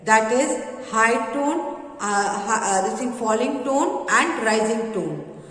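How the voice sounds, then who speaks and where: Lady teacher going slow with lots of uh this thing, long echo like a big room. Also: fairly high pitch, animated, a bit bright. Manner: slow, halting, many fillers like "this thing". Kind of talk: classroom lesson explanation. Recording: echoey room, voice from a distance.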